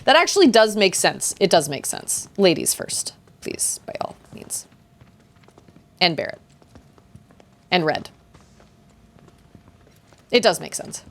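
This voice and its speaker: Her fairly low voice swings widely in pitch as a young woman streams a video game, taking it slowly with long pauses. She chats casually and reacts while reading the game text aloud over game music, and a robot voice filter appears from time to time.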